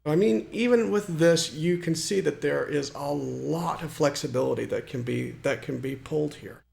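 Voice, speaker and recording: A man's voice: fairly high pitch, normal speed, vocal fry, darkish tone, a little hiss or hum. A man walking through a computer tutorial, explaining step by step with many fillers and restarts. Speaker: hobbyist programmer demonstrating software. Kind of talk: screen-recorded tutorial walkthrough.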